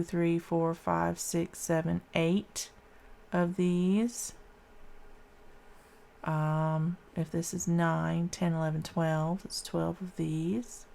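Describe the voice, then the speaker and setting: A woman's voice: on the low side, gravelly, darkish tone. A woman math teacher talking through a calculation step by step, counting aloud in a casual, informal way. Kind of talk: casual classroom math lesson.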